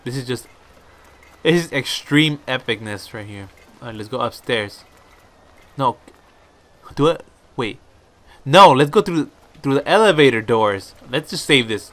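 A young man giving excitable let's play commentary, talking to himself and trash-talking enemies with some swearing. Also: medium pitch, measured pace, long pauses. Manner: excitable, talks to himself while playing. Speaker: gaming video host. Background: faint background music.

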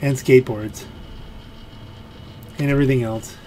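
A man's voice: mid-range voice, fairly even intonation, a little slow, a little mellow, a little hiss or hum. A man giving let's play commentary in a rambling, musing way, full of fillers and restarts. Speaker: gameplay commentator.

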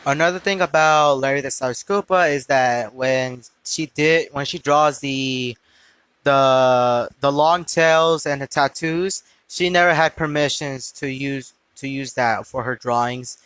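Man, podcast callout, mid pitch, dry close sound, plain matter-of-fact delivery. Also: measured pace, fairly bright tone, clean tone, no room sound.

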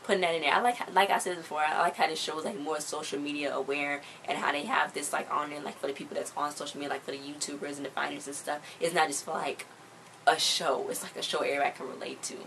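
A woman with a low voice runs through a TV episode in a casual, chatty recap. She fills her sentences with "like" and acts out the scenes as she goes. A faint background hum sits under her voice. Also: fast talker, gravelly, rough recording. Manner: chatty, full of "like" fillers; animated retelling of scenes. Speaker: show recap host.

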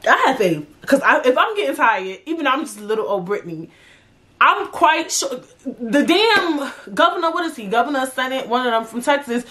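A woman's voice: high voice, sing-song, normal speed, pushed and bright. A young woman hosting her own podcast, ranting casually and profanely, repeating lines for emphasis. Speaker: podcast host. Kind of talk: casual rant.

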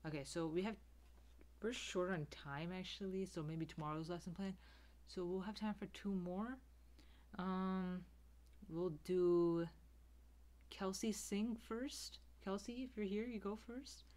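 A woman's voice: medium pitch, steady tone, a little slow, a little mellow, lightly acted. A woman playing a flustered teacher on the first day, muttering weary whispered asides to herself. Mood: exasperated. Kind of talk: comedy sketch character.

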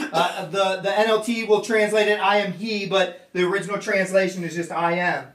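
A man's voice: sits high, normal speed, fairly bright tone, roomy sound, recorded from a distance. A man preaching a sermon in an earnest way, often repeating and restarting his words. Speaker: pastor. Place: church gathering room.

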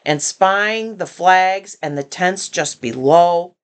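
An older woman reading a children's picture book aloud with gentle, chatty asides to young listeners. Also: on the low side, slow, clear, resonant tone. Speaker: storybook reader.

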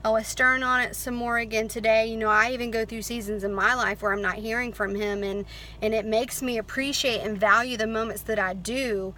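Bright-voiced woman giving earnest encouragement. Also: a little high, fairly even intonation, fairly quick, slight background noise, low-quality recording. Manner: earnest, encouraging, many fillers and restarts; reads scripture aloud. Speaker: Christian vlogger. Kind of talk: casual devotional talk.

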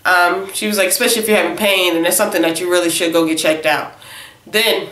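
A woman's voice: on the low side, fast talker. Chatty young woman telling a story, echoey room. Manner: animated, chatty, punctuates with "okay?". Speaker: vlogger. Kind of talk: casual storytime vlog.

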